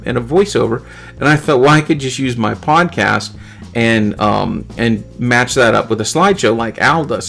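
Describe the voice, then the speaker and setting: A middle-aged YouTuber talks casually to the camera, wandering good-humoredly through viewer comments. His mid-range voice is creaky and slightly bright.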